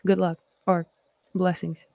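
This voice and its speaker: A woman's voice: on the low side, flat delivery, a little slow, vocal fry, dark tone, no echo. A Canadian woman hosting a live stream, chatting casually with viewers in a rambling, reflective way before reading scripture aloud.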